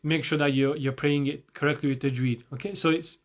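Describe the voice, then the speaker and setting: A man teaching Quran recitation, patiently breaking words into sounds and repeating them slowly for listeners to copy. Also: a little high, steady tone, dull audio. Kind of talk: tajweed lesson with slow demonstrations.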